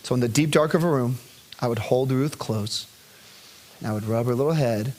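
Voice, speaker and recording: A man preaching as a pastor, telling a personal story in an animated way that swings between loud bursts and hushed, gentle reciting. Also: medium pitch, moderate pace, slight background noise. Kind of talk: sermon storytelling.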